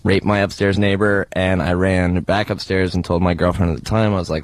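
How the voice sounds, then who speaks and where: A young man telling a story as a guest in a casual radio interview, halting and often laughing, on a studio mic in a radio studio. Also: sits low, little pitch movement, a little mellow, no echo. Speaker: actor guest.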